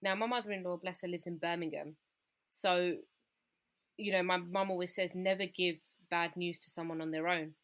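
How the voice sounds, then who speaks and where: A woman's voice: fairly low pitch, steady tone, moderate pace, fairly bright tone. Woman telling a candid personal story. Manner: candid, acts out the voices of family in her retelling. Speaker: podcast guest.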